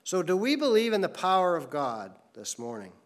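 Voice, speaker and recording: A male pastor delivering a sermon with a slightly higher-than-usual voice. He speaks earnestly and tells anecdotes, acting out the people in them. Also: wildly swooping pitch, normal speed. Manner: earnest storytelling preacher, voices characters in anecdotes.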